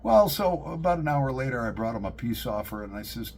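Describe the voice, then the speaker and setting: A middle-aged man, vlogging to camera and telling animated, joking stories, laughing at his own punchlines. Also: mid-range voice, a little fast, gravelly, a little hiss or hum. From upstate New York. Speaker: pipe-smoking vlogger. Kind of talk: casual storytelling to camera.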